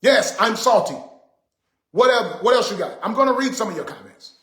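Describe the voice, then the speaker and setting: Man, very high voice, casual livestream host, indignant and repetitive, roomy echo on a phone mic. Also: lively intonation, a little fast, a bit bright.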